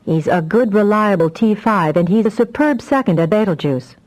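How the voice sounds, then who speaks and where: Woman reading as a soft-drawling male mentor. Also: mid-range voice, moderate pace, close to an everyday voice, low-quality recording. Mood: teasing. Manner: soft drawl, calm and teasing. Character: patient older male telepath mentor.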